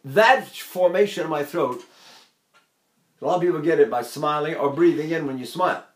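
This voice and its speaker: An older man from Texas teaches singing technique in a lively, chatty way, slipping in asides and little chuckles. His speaking voice sits fairly high for a man. The room around him rings with a noticeable echo. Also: moderate pace. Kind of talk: vocal technique lesson with spoken demonstrations. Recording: roomy echo.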